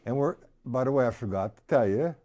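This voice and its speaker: A man's voice: medium pitch, expressive, fairly quick. A man teaching a live-streamed drum lesson, explaining accents and counting beats aloud as he plays. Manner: counts beats aloud, loud over his drumming. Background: snare drum playing.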